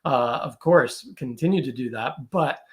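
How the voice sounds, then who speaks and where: A man's voice: medium pitch, unhurried. A man talking as a podcast guest in a loose, chatty way, often tagging his points with "right?". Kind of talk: casual conversational interview.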